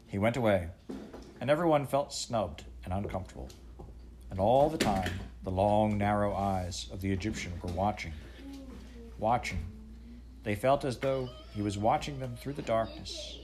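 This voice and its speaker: A man narrating a children's story aloud in a measured storytelling manner. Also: on the low side, darkish tone. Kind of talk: audiobook reading.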